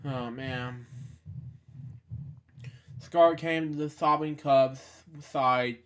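A man reading a children's storybook aloud, stumbling over words and dropping sarcastic deadpan asides. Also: mid-range voice, drawn-out words, pauses often.

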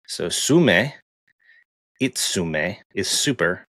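A man co-hosting a casual tech podcast, chatty and animated, laughing easily as he talks. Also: low-pitched, extremely slow, no echo. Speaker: podcast co-host.

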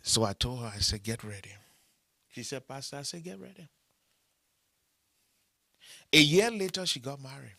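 A man's voice: medium pitch, animated, fairly quick, vocal fry, sharp tone, no room sound. A man, preaching a sermon, telling stories and asking for money with humor, repeating short phrases for emphasis. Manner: storytelling preacher who mixes humor with appeals for money. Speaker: pastor.

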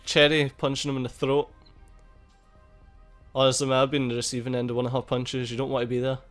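A man giving casual, excitable gameplay commentary, swearing a lot and laughing at the game. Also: mid-range voice, brisk. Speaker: gaming YouTuber. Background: faint game music.

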